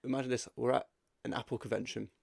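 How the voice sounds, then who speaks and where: A man's voice: mid-range voice, flat delivery, fast talker, vocal fry, a little mellow, no room sound. A man co-hosting a casual podcast chat, telling playful made-up scenes. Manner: spins playful storytelling scenes. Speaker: podcast co-host.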